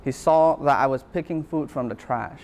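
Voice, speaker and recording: A man with an even, mid-pitched voice gives an earnest motivational talk. He speaks as a lecturer sharing his own hardships, reflective and sincere, and he comes back to key phrases again and again. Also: moderate pace. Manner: earnest, reflective personal storytelling; repeats phrases for emphasis. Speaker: university lecturer.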